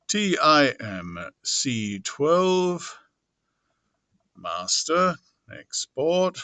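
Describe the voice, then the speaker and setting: A man's voice: fairly high pitch, very animated, extremely slow, pushed and bright, dry recording. A man narrating audiobooks who talks casually and mutters to himself while he edits his recordings.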